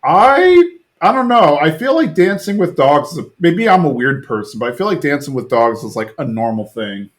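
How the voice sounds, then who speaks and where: A man's voice: fairly high pitch, big pitch swings, moderate pace. A man in his thirties casually recapping a cartoon episode on a podcast, rambling with lots of fillers and restarts. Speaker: podcast co-host.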